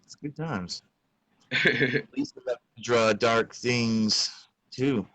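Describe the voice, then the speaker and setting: Laid-back, foul-mouthed podcast host. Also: male voice, mid-range voice, takes it slowly, sharp tone, no room sound, low-quality recording. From Utah. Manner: laid-back, swears a lot, laughs often. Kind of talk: casual chat.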